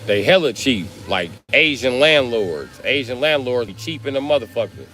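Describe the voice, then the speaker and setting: A male comedian telling a profane, animated comic story on a live stream. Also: mid-range voice, normal speed, faint music behind.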